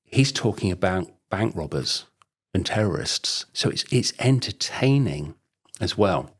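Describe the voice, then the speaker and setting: A man's voice: deep voice, lively intonation, measured pace, breathy edge. A middle-aged man, a sales trainer talking through books and techniques in a chatty, rambling way, full of "you know". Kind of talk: casual conversational interview.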